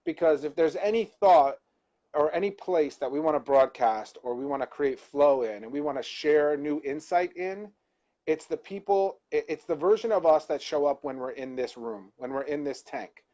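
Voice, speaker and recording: A man's voice: fairly high pitch, animated, normal speed, warm tone, dull audio. A man co-hosting a live-stream talk, reflecting on a personal insight and searching for words as he goes. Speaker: co-host.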